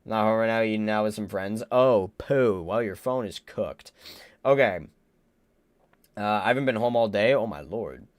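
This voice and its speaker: A man's voice: on the low side, normal speed, clear, resonant tone, no echo. A young man chatting casually on a live stream, rambling, stammering and joking bluntly as he reacts to viewers. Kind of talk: casual livestream chat.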